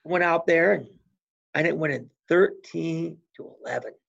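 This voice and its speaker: A man in his sixties, a former college wrestler, telling animated stories as an interview guest and acting out old conversations. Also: on the high side, normal speed. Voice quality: gravelly, husky. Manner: animated storyteller who acts out past conversations. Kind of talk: casual storytelling interview. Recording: dull lo-fi recording.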